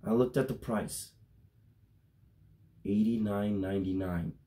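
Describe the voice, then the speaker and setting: A young man with a dark, raspy voice tells a casual, rambling story. He swears freely and gets loud and excited as he goes. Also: fairly low pitch, unhurried. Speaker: toy collector vlogger.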